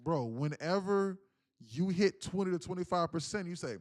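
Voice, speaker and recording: A man hosts a live trading stream, chatting casually in a lively, slangy, profane manner with many restarts. His voice sits high, and he talks at a normal speed.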